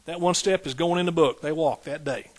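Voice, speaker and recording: A man preaching from the pulpit, his voice sitting a touch high for a man. He drives his points home with repeated phrases and slips into homey, conversational asides between them. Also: brisk. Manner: repetitive preaching cadence, folksy asides. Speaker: pastor. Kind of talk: sermon.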